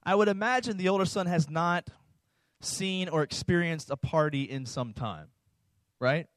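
A man's voice: on the high side, moderate pace, no echo, clean studio sound. A man preaching in a conversational sermon style, often checking in with the audience by asking "right?" and "okay?". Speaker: pastor.

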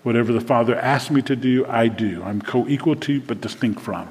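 A man's voice: mid-range voice, moderate pace. A man preaching a sermon as pastor, chatty and loose at times, then building to emphatic declarations. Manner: conversational, shifts to emphatic declarations. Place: church sanctuary. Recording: long reverb of a church hall.

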